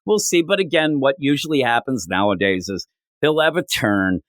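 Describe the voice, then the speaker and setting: A man talks comics on a podcast, his pitch swinging high and low as he recaps the story. He keeps jumping into the characters' lines with quick little voices. The sound is dry and close, with no room around him. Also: no room sound. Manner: animated, acts out characters' lines while recapping. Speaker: podcast co-host. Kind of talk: casual comic book chat.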